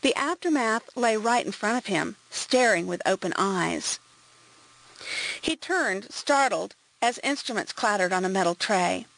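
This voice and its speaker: A woman narrating an audiobook in an even, composed reading voice. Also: medium pitch, unhurried, gravelly, no echo, low-quality recording. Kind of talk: scripted narration.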